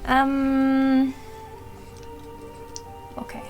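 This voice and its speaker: A woman's voice: sits high, monotone, extremely slow, darkish tone, soft background music. A woman playing in a tabletop game, hesitant, with lots of ums. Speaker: player. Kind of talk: casual tabletop play.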